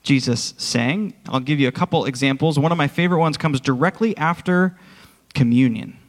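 A man's voice: on the high side, moderate pace, long reverb tail. A man preaching a sermon as worship pastor, speaking earnestly and directly to his congregation in a church. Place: church sanctuary.

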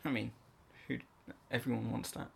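A man's voice: medium pitch, steady tone, normal speed, creaky, slight background noise. A man co-hosting a podcast in casual chat, playful and teasing, laughing often. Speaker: podcast co-host.

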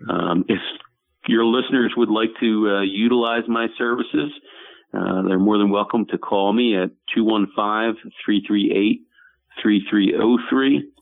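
A man appearing as a guest on a radio show, speaking plainly and hesitantly with many pauses. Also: fairly low pitch, fairly even intonation, vocal fry. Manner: plain, hesitant, full of uhs. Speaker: private investigator guest. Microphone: phone. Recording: tinny phone line.

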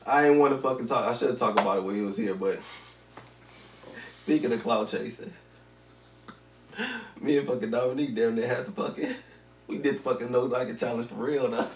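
A man co-hosting a podcast, telling a long story in a casual, slangy, animated way with lots of swearing. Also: mid-range voice, a little fast, pauses often, a little hiss or hum. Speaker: podcast co-host. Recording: roomy, distant mic.

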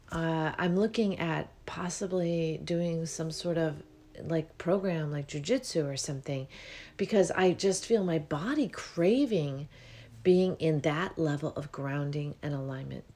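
A woman hosting a spiritual podcast, talking alone in a relaxed, meandering way and yawning often as she goes. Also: sits low. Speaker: podcast host.

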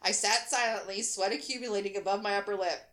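A woman's voice: mid-range voice, quick pace. A woman host in her thirties reading a funny story aloud and laughing as she goes. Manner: animated, laughing through the reading. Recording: roomy echo.

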